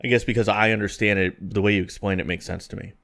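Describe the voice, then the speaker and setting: A man's voice: lowish voice, fairly even intonation, fast, gravelly, a bit bright, no room sound. A man co-hosting a podcast, answering briefly and agreeing with his partner. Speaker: podcast co-host. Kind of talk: casual podcast chat.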